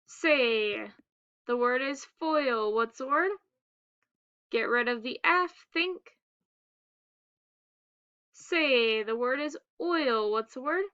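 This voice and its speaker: Slow, bright-voiced woman teaching phonics. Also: sits high, muffled recording. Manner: slow, deliberate, clearly enunciated word prompts. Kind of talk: phonics lesson for young children.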